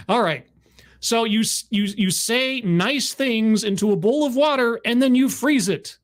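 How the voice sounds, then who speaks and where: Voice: medium pitch, animated, moderate pace. A commentary host reacting to a talk clip with sarcastic, mock-earnest remarks and stammered repeats, streaming from home.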